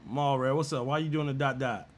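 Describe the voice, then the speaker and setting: A man's voice: medium pitch, fairly even intonation, fairly quick. A man hosting a casual gaming chat, talking in slang, teasing people and laughing often. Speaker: gaming channel host.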